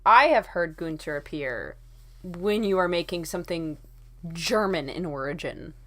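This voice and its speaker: A woman co-hosting a podcast, teasing and animated in casual chat. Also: on the low side, a little slow. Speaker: podcast co-host.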